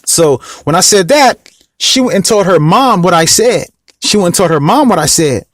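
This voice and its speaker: High-voiced man telling a rambling story. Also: lively intonation, moderate pace, a bit bright, no room sound, studio quality. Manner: rambling, repeats himself, keeps asking "you know what I mean". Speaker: vlog host. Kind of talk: casual personal storytelling.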